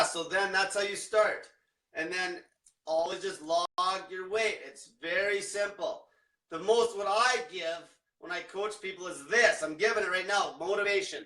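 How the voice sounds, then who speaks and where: A diet coach with a high-pitched, pushed, bright voice delivers a profane motivational rant, coaching viewers bluntly and combatively with plenty of swearing. He's recorded off-mic and far from it, in an echoey room.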